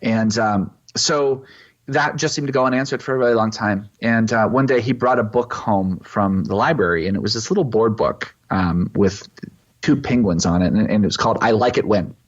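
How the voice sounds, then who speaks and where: A middle-aged man from East Texas, a pastor, telling a personal story in an interview with halting, reflective pauses and restarts. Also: lowish voice. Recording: slightly muffled lo-fi audio.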